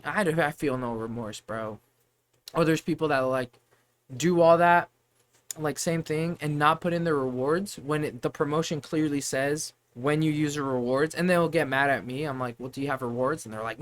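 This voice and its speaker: A young man casually ranting to the camera about his retail job, rambling, swearing freely and working himself up. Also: fairly high pitch. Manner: profane, rambling, gets heated. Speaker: vlogger venting about retail work.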